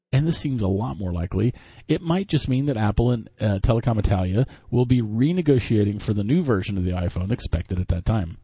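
A man co-hosting a tech news podcast, reading headlines and explaining things in a relaxed way with restarts. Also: on the low side, breathy edge, no room sound. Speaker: podcast co-host.

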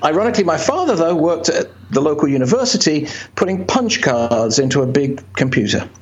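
Joking British man, higher voice. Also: fairly quick, highs cut off, slight background noise. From Birmingham, England. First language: Polish. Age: middle-aged. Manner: self-deprecating, joking, animated. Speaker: interview guest, writer. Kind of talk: casual interview chat.

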